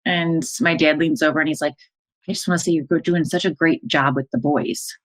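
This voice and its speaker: Low-voiced woman telling a personal story. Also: steady tone, fairly quick, poor audio. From American Midwest. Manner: emotional, breathless retelling with quoted dialogue. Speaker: life coach and podcast host.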